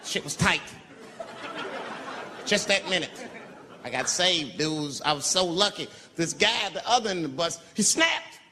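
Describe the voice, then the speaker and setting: A man telling a stand-up story to a live audience, acting out the people in it with loud shrieks. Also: on the high side, measured pace, long pauses, a little hiss or hum. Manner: animated, acts out characters with loud shrieks. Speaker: stand-up comedian. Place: large theater with live audience. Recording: reverberant venue, loud crowd laughter.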